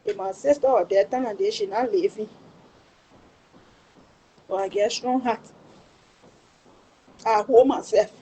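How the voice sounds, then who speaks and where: On a rough recording, a middle-aged woman with a Liberian English accent shares a painful family tragedy, dramatizing what was said with exclamations. Her voice is medium-pitched, warm and husky, moving at a measured pace with long pauses.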